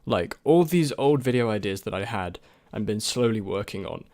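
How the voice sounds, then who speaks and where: Low gravelly young man, rambling. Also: lively intonation, normal speed, darkish tone, no echo. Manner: rambling, hesitant, full of restarts. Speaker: YouTube creator. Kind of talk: casual chat answering viewer questions.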